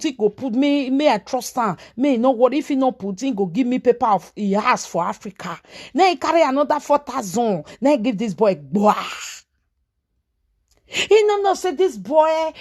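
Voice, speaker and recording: A woman with a Nigerian Pidgin accent vlogs in a dramatic storytelling-commentary style, scolding hard. Her fairly high voice swings widely as she shouts one moment and drops to a hush the next.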